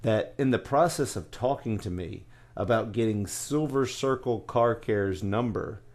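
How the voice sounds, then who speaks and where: Chatty man telling a workplace story. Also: fairly low pitch. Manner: animated storyteller, quick bursts, many fillers and restarts. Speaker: podcast host. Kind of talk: casual storytelling chat.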